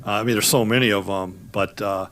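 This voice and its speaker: A middle-aged man hosting a law talk show, chatting casually in a rambling, jokey way full of shout-outs. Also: fairly low pitch, fairly even intonation, fairly quick. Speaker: lawyer and show host. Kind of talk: casual chat.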